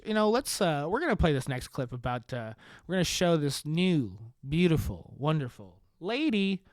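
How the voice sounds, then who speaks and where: A man hosting a podcast in a sarcastic comedic monologue, swearing and laughing at his own deadpan jokes. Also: on the high side, no room sound, clean studio sound. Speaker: podcast host.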